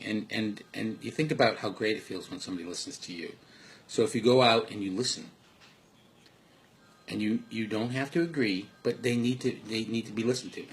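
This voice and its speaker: Dogs and household sounds can be faintly heard behind a man with a lowish voice, and there's slight background noise. Speaking at home, he offers sincere advice on parenting and life, rambling casually and restarting often.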